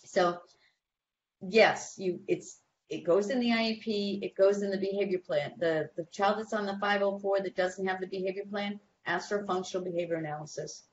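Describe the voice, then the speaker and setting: A woman's voice: mid-range voice, normal speed, highs cut off, a little hiss or hum. A woman giving practical advice to parents on a talk show, telling stories and acting out the people she quotes. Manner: animated storytelling, acts out quoted people. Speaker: guest behavior expert.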